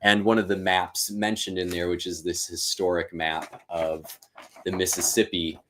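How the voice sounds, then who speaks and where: A man's voice: sits low, little pitch movement, moderate pace, fairly bright tone, slight background noise. A man hosting a live-streamed reading and commentary, talking casually and thinking aloud with fillers. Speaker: teacher and host.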